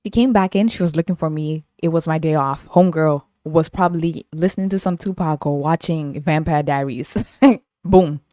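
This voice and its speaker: A woman's voice: low-pitched, normal speed, mellow, no room sound, studio quality. A woman from Zimbabwe, hosting her podcast and telling stories in a playful, repetitive way. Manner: playful, repeats phrases, laughs often. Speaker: podcast host. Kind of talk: casual storytelling.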